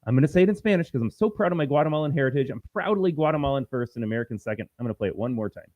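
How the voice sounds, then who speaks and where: A man's voice: medium pitch, animated, racing, a little mellow, no room sound. A man hosting a political commentary livestream, talking in an emphatic, combative and repetitive way. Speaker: host.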